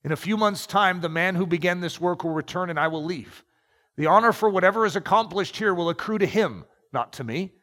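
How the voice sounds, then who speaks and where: A man voicing a calm, determined male missionary, speaking quietly and inwardly. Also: high-pitched, a little fast. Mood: troubled. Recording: long echoing reverb.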